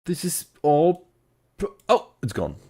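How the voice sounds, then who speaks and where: A man's voice: a little high, wildly swooping pitch, slow pace, warm tone, slightly rough. A man co-hosting a casual live stream, talking to himself playfully while working at a computer. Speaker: co-host of a tabletop wargaming stream.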